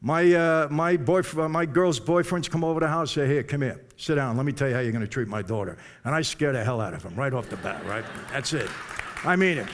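An older man gives a personal testimony to a live audience, telling his story conversationally and speaking directly to listeners in asides. His medium-pitched voice is expressive and fairly quick, with a faint crowd audible.

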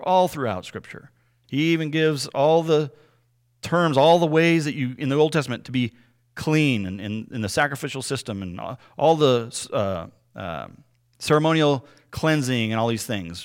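A man giving a conversational Bible teaching, explaining things earnestly and often checking in with a quick "right?". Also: medium pitch, lively intonation.

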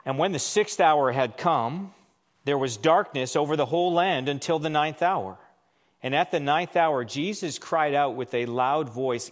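Man preaching a slow, deliberate sermon. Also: on the high side. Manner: slow, deliberate scripture reading with dramatic emphasis on quotes. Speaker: pastor.

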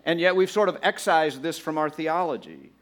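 A man preaching a sermon to a congregation, conversational and animated, acting out the voices of churchgoers and laughing along with the room. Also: a little high, moderate pace. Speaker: pastor.

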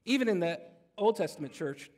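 Conversational pastor in a reverberant hall. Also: male voice, high voice, lively intonation, brisk, a little mellow. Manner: conversational, jokes with the congregation. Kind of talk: sermon.

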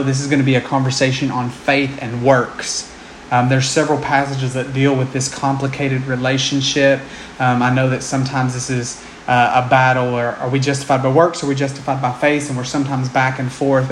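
Guy giving a chatty sermon, lots of ums, roomy echo, bit of faint hiss. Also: medium pitch. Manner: conversational, with frequent ums and restarts. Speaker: preacher.

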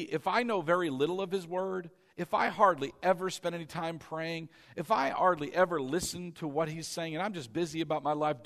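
Pastor, male, slightly high voice, emphatic conversational sermon with call-and-response. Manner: shifts between loud emphasis and quiet low-voiced asides.

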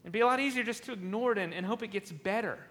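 A man's voice: sits high, rapid-fire, fairly bright tone, in a large hall. A man preaching a sermon, retelling a scripture passage and acting out its lines, often repeating and restarting words. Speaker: pastor.

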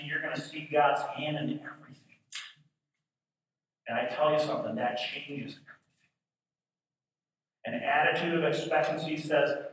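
A male pastor preaching a sermon, swinging from shouted fervor to hushed, intimate passages. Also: on the high side. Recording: roomy echo from a distant mic.

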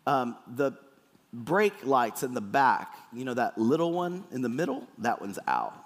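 A preacher doing a flat small-town cop. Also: male voice, mid-range voice, unhurried, voice pushed down. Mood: matter-of-fact. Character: small-town male police officer, matter-of-fact. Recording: echoey hall.

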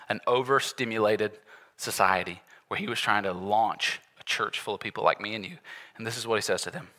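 A man preaching a sermon, walking the congregation through a passage in an animated, conversational way with sudden loud bursts. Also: fairly low pitch. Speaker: pastor. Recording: long hall reverb.

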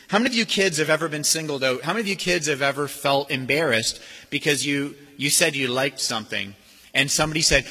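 A man preaching a sermon in a church, lively and expressive, mimicking sneering voices as he makes his points. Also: fairly high pitch, quick pace, breathy edge. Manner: animated, acts out sneering voices. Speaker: pastor. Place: church sanctuary. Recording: long hall reverb.

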